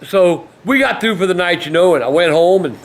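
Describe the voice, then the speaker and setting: An older man telling stories in a foul-mouthed, blustering way that often breaks into shouting. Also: high-pitched, lively intonation, fairly quick, slight background noise. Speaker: storytelling vlogger. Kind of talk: profane storytelling.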